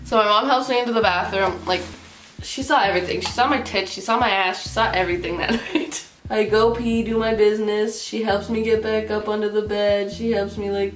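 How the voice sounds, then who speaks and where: A young woman vlogger telling a story casually, animated and giggly, full of fillers. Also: medium pitch, fairly quick. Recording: roomy with faint music.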